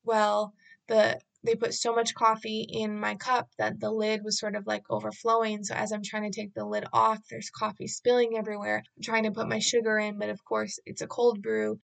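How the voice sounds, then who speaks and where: A woman's voice: mid-range voice, monotone, moderate pace, creaky. A woman vlogger casually retelling an anxious day in a rambling way, acting out bits of dialogue. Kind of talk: casual storytelling vlog.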